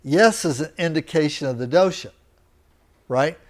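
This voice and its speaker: A man teaching a live lecture, explaining step by step and often checking that his students understand. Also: a little high. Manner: slow, deliberate, checks in with students. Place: teaching center room.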